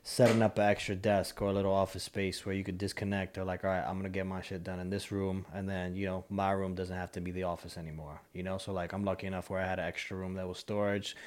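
A man with a deep, low voice chats casually on a podcast. He rambles in a relaxed way, leaning on fillers as he goes. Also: fast, hardly any pauses. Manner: laid-back, rambling with many fillers. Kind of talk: casual chat.

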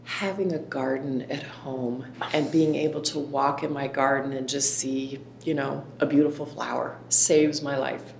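A woman guest on an interview, speaking calmly and earnestly in a reflective way. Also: a little slow, gravelly, hardly any pauses. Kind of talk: reflective conversation. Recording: echoey room with faint rumble.

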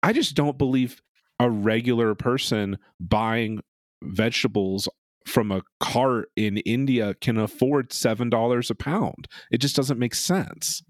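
A man co-hosting a podcast in casual chat, animated and incredulous, swearing freely. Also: medium pitch, unhurried, no echo, studio quality. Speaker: podcast co-host.

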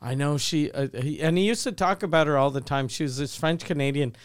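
High-voiced man telling a story. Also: fast, clear, resonant tone, no echo, studio quality. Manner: laughs while telling, acts out the people he quotes. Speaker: podcast co-host. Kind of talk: casual chat, storytelling.

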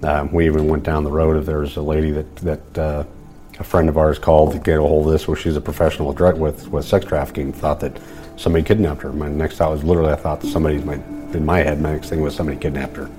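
A middle-aged man, a father, speaking in an interview in a halting, rambling way with many fillers. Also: extremely low pitch, level tone, mellow, faint music behind. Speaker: father of missing woman.

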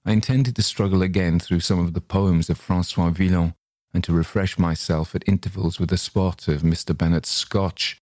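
A man reading a short story aloud as its narrator, in a measured, unhurried way. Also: sits low, steady tone, a little mellow, no room sound, clean studio sound. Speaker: story reader.

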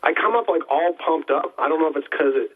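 A man co-hosting a talk radio show, joking and animated. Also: on the high side, fast talker, slightly rough. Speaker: co-host. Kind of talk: casual chat on talk radio. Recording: phone-line radio sound.

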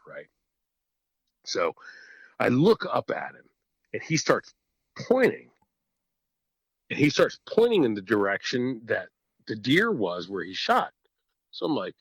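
A man spins a story on a podcast in a lively voice that swings high and low. He is animated and swears freely, often breaking into laughter. His voice sits at middle pitch and is recorded dry and close, with no room sound. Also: a little slow, long pauses, breathy edge, no echo, rough recording. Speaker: podcast guest or host telling a hunting story. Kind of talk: casual storytelling. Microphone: podcast microphone.

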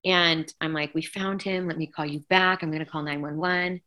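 Low, bright-voiced woman telling a story. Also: moderate pace. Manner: emotional, animated retelling with quoted dialogue. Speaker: guest singer. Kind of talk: conversational interview storytelling.

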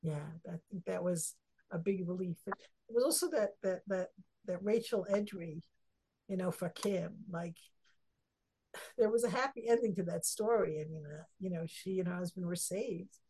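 A woman, a rebbetzin, leading a casual Torah discussion and telling stories with animated emotion. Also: on the low side, moderate pace, a little hiss or hum.

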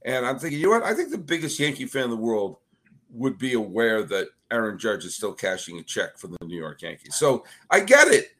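A man's voice: mid-range voice, very animated, fairly quick, pushed and bright. A man hosting a podcast, chatting casually with a guest and teasing in a dry, sarcastic way. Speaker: podcast host. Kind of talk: casual conversational interview.

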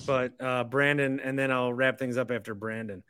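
A man's voice: medium pitch, fairly even intonation, normal speed, fairly bright tone, clear, resonant tone. A man hosting a call-in podcast, chatting casually and teasing his callers. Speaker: podcast host.

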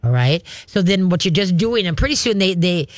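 A man's voice: high-pitched, expressive, a little fast, dry recording, studio quality. A man hosting a call-in radio show, giving folksy, chatty pet advice and demonstrating with growls.

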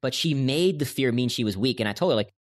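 A man's voice: mid-range voice, lively intonation, quick pace. A man talking as a podcast guest, earnestly explaining his ideas through stories and quotes. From United States. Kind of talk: conversational interview.

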